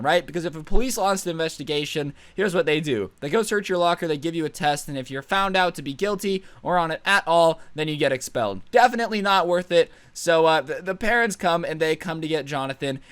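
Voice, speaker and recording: A man in his twenties telling a comedic high school story, sarcastic and animated. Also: clear, resonant tone, no room sound. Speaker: storytime vlogger.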